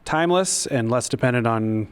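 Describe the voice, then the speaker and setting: Smooth-voiced man in a jokey interview. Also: medium pitch, expressive. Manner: laughs often, jokey and quick. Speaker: show co-creator and voice actor. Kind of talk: casual interview chat. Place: studio at a convention.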